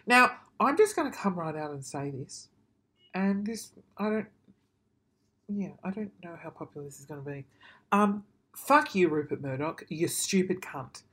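A man's voice: high-pitched, expressive, moderate pace, bright, forceful tone, husky. A man ranting casually to camera, swearing freely and then apologising, in a rambling, self-deprecating way. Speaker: vlogger.

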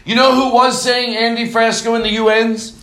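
A man hosting a podcast in excited casual chat, rambling and jumping up in pitch. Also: normal speed. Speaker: podcast host.

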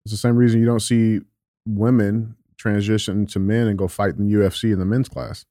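A man's voice: fairly low pitch, little pitch movement, brisk, warm tone, no room sound, studio quality. A man hosting a casual podcast who reads out the headlines in a loose, upbeat way, saying "man" and "dude" a lot. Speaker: podcast host reading headlines.

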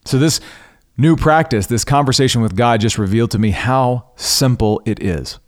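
A man hosting a podcast, earnestly recounting a personal spiritual experience in an unhurried way, pausing and restarting mid-thought. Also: medium pitch. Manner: spiritual, devout tone. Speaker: podcast host. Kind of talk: reflective personal storytelling.

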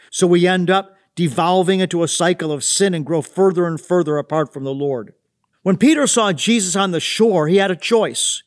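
A man with a notably high voice reads a devotional reflection as its host. He sounds earnest and thoughtful, like a short sermon read aloud.

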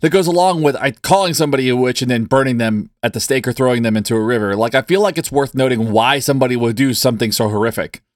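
A man's voice: medium pitch, fast, few pauses, dry recording, studio quality. An enthusiastic man co-hosting a casual podcast, laughing along with his partner. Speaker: podcast co-host.

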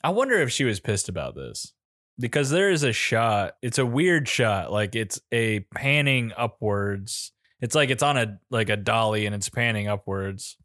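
A man's voice: lowish voice, lively intonation, normal speed, fairly bright tone, no echo, studio quality. A man co-hosting a casual movie-review chat, laid-back and profane, laughing often. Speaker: podcast co-host.

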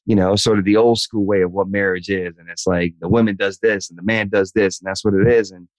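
A man's voice: low-pitched, fairly even intonation, fairly quick, dry recording, rough recording. A man in his thirties, a podcast guest, talking earnestly and openly, repeating words and calling the host man and dude. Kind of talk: candid interview talk.

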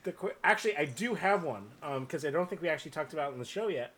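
A man's voice: fairly high pitch, lively intonation, racing, a crowd in the background. A man joking around as a guest on a casual podcast, talking into an earbud headset mic and laughing often. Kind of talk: casual comedic chat.

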